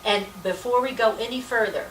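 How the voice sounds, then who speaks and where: A woman's voice: on the high side, a little fast, a bit bright. Woman volunteer giving a punchy, folksy talk to a meeting, recorded from a distance in a roomy space. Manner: emphatic, folksy, repetitive "let me tell you". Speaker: volunteer speaker at a political meeting. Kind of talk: informal political presentation. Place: meeting room. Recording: echoey room, distant mic, faint hiss.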